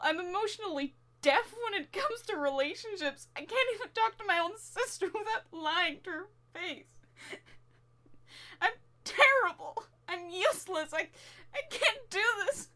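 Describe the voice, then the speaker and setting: An actress playing a distraught young woman inventor who doubts herself, talking in halting, anguished bursts and near tears. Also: very high voice, animated, bright, forceful tone, heavily acted. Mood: despairing. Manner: anguished, halting, self-critical. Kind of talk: audio drama acting.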